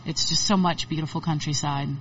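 A chatty woman talks through her touring life in a relaxed interview, her voice on the lower side. She sits a little back from the mic, and the sound is dull and muffled with a faint hiss. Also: brisk, recorded from a distance. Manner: chatty, rambling, laughs often. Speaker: touring musician guest. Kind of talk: casual interview chat.

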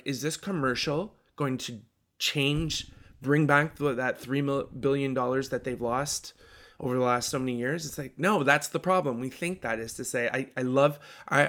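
A man talks casually through a marketing discussion at an ordinary pitch. He thinks aloud, restarts sentences and lands his points with emphasis. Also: a bit bright. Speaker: podcast co-host. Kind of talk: casual chat about marketing.

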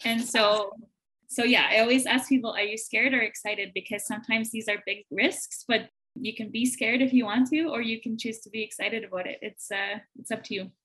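A woman from Manitoba, Canada, with a slightly high voice, telling a story as a podcast guest. She talks in a lively, animated way, laughs often and acts out the voices she quotes. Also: a little fast, rough recording. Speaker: guest, entrepreneur.

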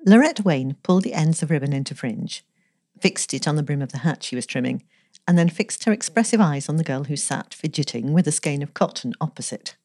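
A woman reading a story aloud in a measured, gently expressive way, giving the characters light voices. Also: low-pitched, no echo, studio quality. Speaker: story reader.

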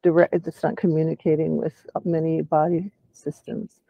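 A man in a casual chat who speaks haltingly and often restarts his sentences. He uses clinical terms, and his vocal cords are weak and do not close properly. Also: fairly high pitch, level tone, creaky, no room sound, dull audio. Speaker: participant in a patient discussion.

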